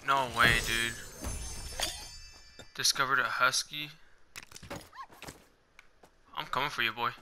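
A young man giving casual, excitable commentary while playing a video game, now and then squeaking out high-pitched "pew pew" gun noises. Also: slow, long pauses, noisy background. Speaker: gaming video host. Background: game music.

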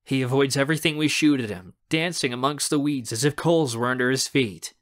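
A man narrating a young adult audiobook in the first person, with a bright, forceful tone. He reads expressively and shapes each scene. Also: mid-range voice, a little fast.

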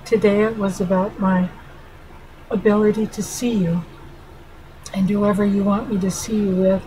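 Poor audio with slight hiss or hum captures a middle-aged woman's dark, mid-range voice, delivered flatly at a moderate pace. She is a family therapist and channel host speaking earnestly and lovingly to viewers in a heartfelt direct-to-camera vlog.

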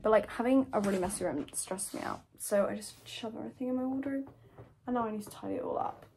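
A woman's voice: mid-range voice, quick pace, darkish tone, a little hiss or hum, low-quality recording. A teenage girl vlogging at home in casual chat, gushing and dramatic, swearing freely.

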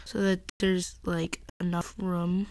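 A woman's voice: on the low side, little pitch movement, slow, darkish tone, slight background noise, rough recording. A woman chatting casually while commenting on her Minecraft gameplay, rambling and often correcting herself mid-sentence. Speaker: gaming channel host.

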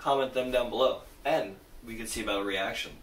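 A man hosting a reaction video, talking excitedly and casually with lots of fillers and swearing. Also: mid-range voice, brisk, echoey room, distant mic, a little hiss or hum, low-quality recording.

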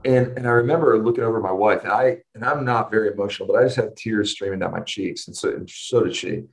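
An earnest middle-aged man recounts a personal story as a guest in a conversation. His voice sits a little low, and he often restarts his sentences and pauses when the moment turns emotional. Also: vocal fry, poor audio. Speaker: interview guest.

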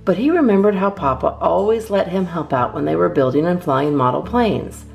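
In a low, gravelly voice, a woman reads a children's storybook aloud at a moderate pace. Her lively reading rises and falls expressively while faint guitar music plays in the background.

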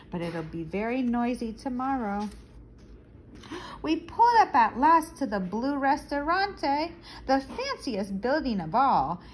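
Expressive woman reading a picture book. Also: a little high, slight background noise, poor audio. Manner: expressive, explains words to kids. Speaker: storyteller for children. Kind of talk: children's picture-book read-aloud.

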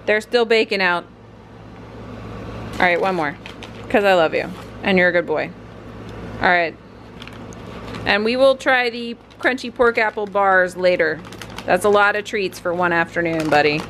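A woman's voice: fairly low pitch, normal speed, long pauses, fairly bright tone, slight background noise. A young woman chatting casually in a home vlog, often switching to a sing-song voice for her dog. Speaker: vlogger. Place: home living room.

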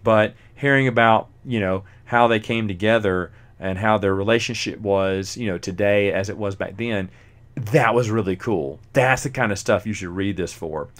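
A man's voice: lowish voice, moderate pace. A man hosting a solo podcast, chatting casually about a book, rambling with lots of fillers and chuckling often. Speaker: podcast host reviewing a book.

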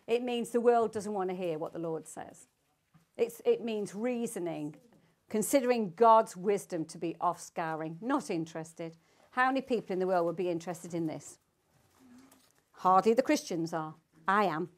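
A woman's voice: lowish voice, normal speed. An older woman teaching the Bible to a small group, reading scripture aloud and asking her listeners emphatic questions.

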